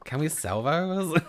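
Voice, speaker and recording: A British man casually chatting with his live-stream audience while playing a video game, laughing often and answering chat. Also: a little high. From United Kingdom.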